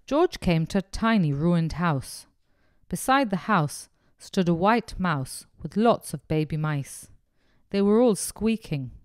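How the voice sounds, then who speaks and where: A woman reads a children's picture book aloud at a very slow, gentle pace. Her voice sits low for a woman and the recording is close and dry. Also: lively intonation, clean tone, no room sound. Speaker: narrator.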